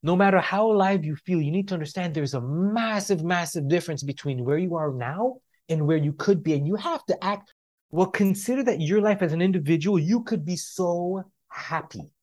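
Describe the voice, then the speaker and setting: A man speaking as a life coach on a podcast, emphatic and repetitive, slowing down to stress his key points. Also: high voice, darkish tone. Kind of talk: motivational podcast talk.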